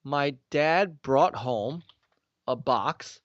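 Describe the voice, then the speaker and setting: A man's voice: drawn-out words, no room sound. A man in his forties, a guest telling stories in casual chat, acting out quotes animatedly. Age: 40s. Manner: animated, acts out quotes with big pitch swings. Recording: dry, slightly dull sound.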